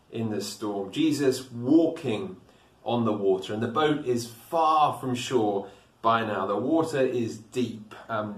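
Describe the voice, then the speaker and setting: A man preaching a sermon in a church, earnest and reflective as he explains the passage. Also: medium pitch. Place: church building. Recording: echoey church, distant mic.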